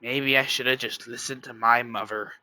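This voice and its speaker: Man playing a resigned, doomed guy, soft and low, bright tone, dry. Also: steady tone, normal speed, no room sound. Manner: quiet, resigned. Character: doomed male contestant, tired and resigned.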